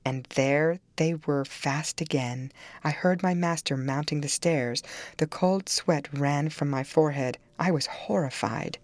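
A woman reading a classic novel aloud in measured, dramatic first-person narration. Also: sits low, dry recording. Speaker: audiobook narrator.

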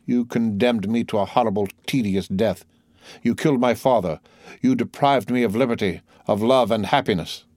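A cold, vengeful count speaks slowly and gravely, as a man reads him aloud. His voice sits low. The sound is dry and close-miked. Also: darkish tone, dry recording, natural voice. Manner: slow, grave, measured.

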